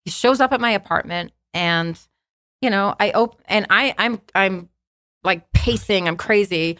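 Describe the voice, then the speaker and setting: A woman's voice: medium pitch, measured pace, a bit bright, dry recording. A woman guest telling a personal story in an interview, vivid and emphatic, often restarting her sentences.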